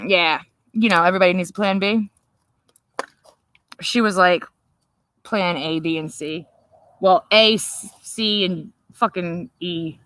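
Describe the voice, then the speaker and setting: Bright, foul-mouthed woman telling stories. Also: medium pitch, moderate pace, dry recording. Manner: profane, animated, laughing often. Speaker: livestream host. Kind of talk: casual storytelling chat.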